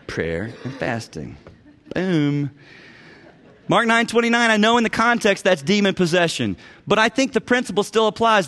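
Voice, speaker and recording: Emphatic higher-voiced man preaching. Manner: emphatic, swings between loud urging and hushed low phrases; repeats key words for emphasis. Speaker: pastor teaching biblical counseling. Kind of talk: preached teaching talk.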